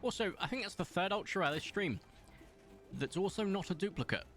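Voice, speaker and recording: Animated man streaming. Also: high voice, fairly quick, faint music behind. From southern England. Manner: chatty, reacts to chat, laughs often. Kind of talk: casual live-stream chat while gaming.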